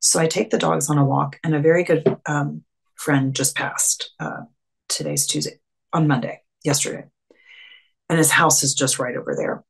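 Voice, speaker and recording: A woman's voice: deep voice, fairly even intonation, normal speed, gravelly, slightly rough. A woman coach talking casually as a webinar guest, full of fillers and acted-out quotes. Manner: chatty, filler-heavy, acts out quoted dialogue. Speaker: clarity and confidence coach.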